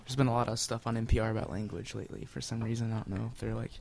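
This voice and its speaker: A man's voice: medium pitch, little pitch movement, rapid-fire, vocal fry, crowd noise. A young man in casual conversation, telling loose, rambling stories with lots of fillers and swearing. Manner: laid-back, rambling storytelling with fillers and swearing. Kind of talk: casual chat.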